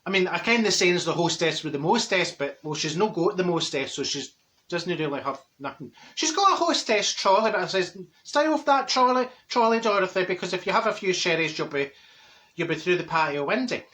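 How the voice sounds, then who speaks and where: Brief: male actor as brash middle-aged Glasgow woman, Glaswegian accent, forceful bright tone, sardonic comic storyteller. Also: high voice, lively intonation, a little fast. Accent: Glaswegian Scottish. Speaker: comic character monologue.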